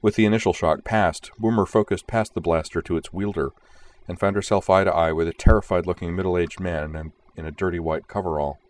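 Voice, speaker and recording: Male narrator, very low voice, steady measured storytelling. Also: a little hiss or hum. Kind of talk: audiobook narration.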